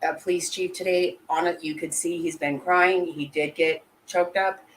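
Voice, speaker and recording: A woman with a low voice gives live commentary to her chat. She talks bluntly and emotionally, swears freely and keeps breaking off and restarting her sentences. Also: fairly even intonation, moderate pace, a little hiss or hum, low-quality recording. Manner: blunt and heated, with frequent swearing. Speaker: channel host.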